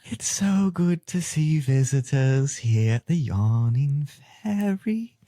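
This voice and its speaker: A woman's voice: extremely low pitch, lively intonation, slow pace, dark tone, no room sound, clean studio sound, pitched above the performer's own voice, exaggerated voice. Man doing a whispery elven barkeep woman. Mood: welcoming. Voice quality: breathy whisper. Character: wispy soft-spoken elven barkeep woman.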